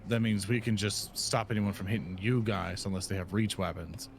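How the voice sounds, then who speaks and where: A man's voice: on the low side, steady tone, normal speed, creaky, slight background noise. A man playing a tabletop game, explaining tactics at length. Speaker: player. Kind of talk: casual game table chat.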